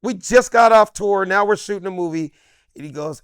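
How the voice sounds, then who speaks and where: Animated storytelling comedian, man in his fifties. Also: sits high, moderate pace, clear, resonant tone, no echo, studio quality. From Los Angeles. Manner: lively, acts out quoted voices, slangy and emphatic. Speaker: comedian guest. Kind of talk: animated storytelling in a sit-down interview.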